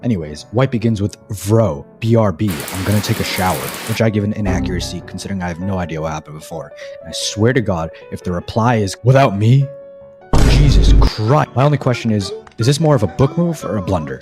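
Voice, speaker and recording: Deep-voiced man, sarcastic narration. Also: animated, fast talker, hardly any pauses, music in the background. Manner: exasperated, sarcastic. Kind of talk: scripted narration.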